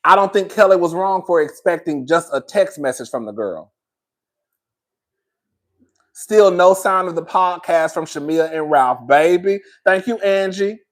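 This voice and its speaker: Man, high-pitched voice, sassy, blunt, casual reality TV commentary. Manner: sassy, animated, addresses viewers as girl and baby; blunt, swears freely. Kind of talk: casual opinionated review.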